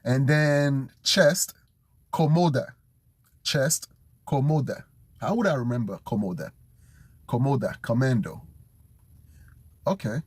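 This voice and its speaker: A man studying vocabulary out loud, thinking aloud, repeating words and making up memory tricks in a casual chat. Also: medium pitch, lively intonation, takes it slowly, long pauses, slightly rough, no room sound. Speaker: language learner streaming his study session.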